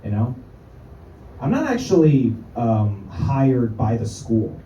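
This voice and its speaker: A man's voice: mid-range voice, big pitch swings, slow pace, warm tone, slight background noise. A man doing a stand-up set, crude and self-mocking, full of rambling asides. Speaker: stand-up comedian. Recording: echoey room, far from the mic, dull.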